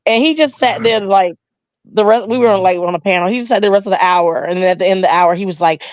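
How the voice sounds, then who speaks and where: A woman's voice: medium pitch, quick pace, no echo. Chatty woman co-host, dull dry sound. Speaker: podcast co-host. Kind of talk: casual storytelling chat.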